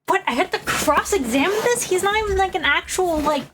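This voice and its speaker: A woman's voice: extremely high pitch, lively intonation, fairly quick, background noise. A woman chatting casually on a game stream, often puzzled and questioning. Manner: confused, questioning, laughs easily.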